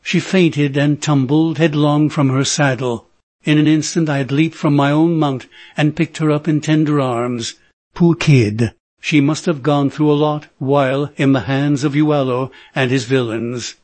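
Male audiobook narrator, steady measured read, slightly high voice. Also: no echo. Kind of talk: scripted narration.

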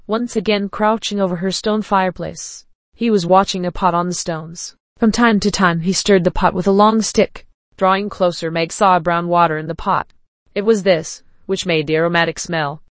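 A woman's voice: medium pitch, no echo. Woman narrator reading a story.

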